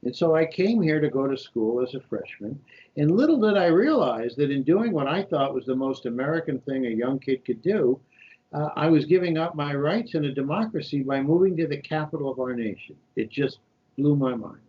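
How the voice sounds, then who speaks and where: A man's voice: fairly high pitch, fairly quick. A man in his sixties from New York, telling stories as a podcast guest and acting out the voices of people he quotes. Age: 60s. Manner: animated anecdotes, acts out quoted voices. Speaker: shadow senator, guest. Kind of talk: storytelling interview. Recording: dull lo-fi podcast audio.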